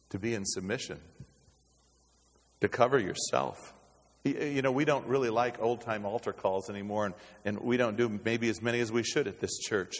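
A man preaching a sermon as pastor, with dynamic delivery that swings from loud exclamations to hushed low tones. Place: church sanctuary. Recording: reverberant hall.

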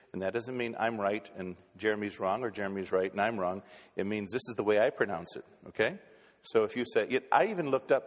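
Preaching man in an echoing hall. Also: on the low side. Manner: repeats words on restarts, folksy. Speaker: pastor. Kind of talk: sermon. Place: church sanctuary. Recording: long reverb in a church hall.

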